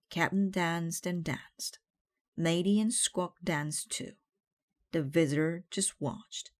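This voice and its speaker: Slow low voiced lady reading a kids book out loud, nice and clear. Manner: slow, clear read-aloud. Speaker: storybook reader. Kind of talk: reading a children's book aloud.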